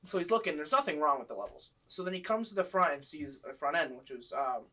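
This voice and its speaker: A man telling funny stories from his old job in casual chat, animated and swearing freely. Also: fairly high pitch, fast, recorded from a distance. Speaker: guest storyteller.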